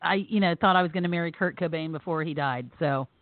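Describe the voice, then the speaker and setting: A podcast co-host, recovering from surgery and on pain medication, tells funny family stories in a casual chat, laughing and acting out quotes with animation. Her voice is low and fast, with no room sound, over a tinny, phone-like line.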